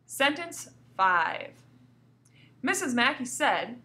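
A woman teacher giving a recorded grammar lesson to young pupils, reading example sentences aloud with marked pauses and coaxing the class with questions. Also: on the high side. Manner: lively, coaxing questions to students. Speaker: elementary school teacher.

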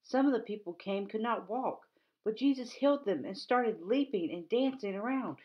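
A woman playing an excited roadside bystander. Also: a little high, moderate pace, muffled recording, pitched above the performer's own voice, natural voice. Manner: breathless, eager storytelling. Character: excited bystander who just saw a parade.

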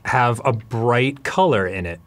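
A man's voice: medium pitch, unhurried. A man co-hosting a casual comedy game session, playful and given to silly sound effects. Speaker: co-host.

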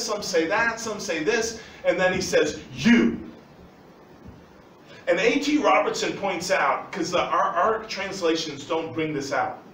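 Emphatic preacher in an echoey church. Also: male voice, sits high, recorded from a distance, a little hiss or hum. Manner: animated, emphatic preaching with laughs. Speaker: pastor. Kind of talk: sermon. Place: church sanctuary.

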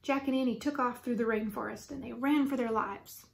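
Woman, higher voice, children's book read-aloud, clear, expressive storyteller. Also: a little fast. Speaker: storyteller for students.

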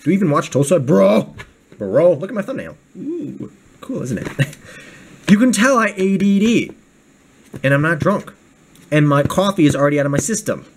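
Goofy, animated young man rambling. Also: on the high side, moderate pace, long pauses, rough recording. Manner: goofy, joking, drifts off on tangents. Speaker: knife reviewer. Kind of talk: casual rambling vlog.

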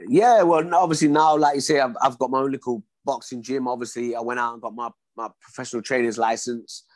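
A man in his 40s with a mid-range voice talks fast on a dry recording. He's a former boxer telling stories in a casual interview, an animated storyteller who acts out the dialogue as he goes.

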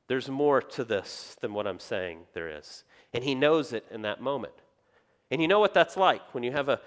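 A man, a pastor, preaching a sermon and telling the story in a lively way, acting out the voices he quotes. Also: fairly high pitch.

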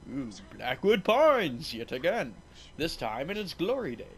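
A man's voice: fairly high pitch, sing-song, unhurried, poor audio. Sarcastic, foul-mouthed gamer guy. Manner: sarcastic, profane. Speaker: let's play host. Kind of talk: gameplay commentary.

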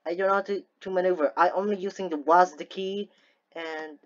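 A woman giving casual gameplay commentary, talking to herself excitedly and slipping into playful theatrical gloating. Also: on the low side, brisk, highs cut off. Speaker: gaming video host.

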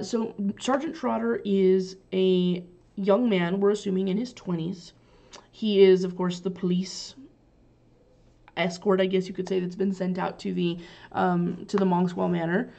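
Gravelly low-voiced woman teacher, chatty. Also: dark tone. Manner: chatty, paraphrasing lines loosely with many fillers. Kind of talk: casual recap of a play for students. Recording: dull lo-fi recording.

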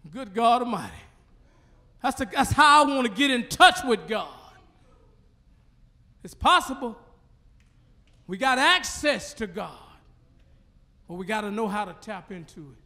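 A man's voice: very high-pitched, expressive, pushed and bright. A male pastor with a Southern US accent preaching a sermon in a church, stretching out phrases and calling out to the congregation. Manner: preaching with rising call-and-response fervor, drawn-out phrases. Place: church sanctuary.

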